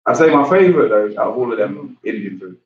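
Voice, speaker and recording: A man's voice: on the low side, big pitch swings, quick pace, a little hiss or hum. A young man from England with a London accent, co-hosting a casual football watchalong and joking and laughing often. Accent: London English. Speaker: fan channel co-host. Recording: roomy, distant, dull lo-fi sound.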